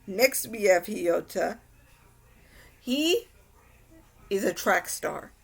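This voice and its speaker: A woman's voice: mid-range voice, animated, very slow, creaky, breathy edge. A young woman recaps an anime in a casual, rambling way. She restarts sentences often and sounds mildly exasperated at the plot. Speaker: anime reviewer.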